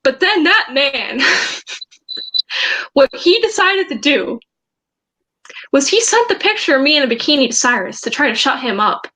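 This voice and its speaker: A woman's voice: high voice, big pitch swings, a little slow, pauses often, bright, forceful tone, poor audio. A teenage girl vlogger telling a story in a rambling, agitated way, with many restarts. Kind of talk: storytime vlog.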